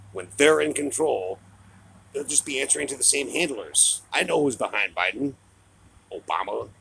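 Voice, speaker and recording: A man's voice: medium pitch, creaky, sharp tone, slight background noise, poor audio. A middle-aged man giving a heated, profane political rant, mocking and angry. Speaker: political commentator.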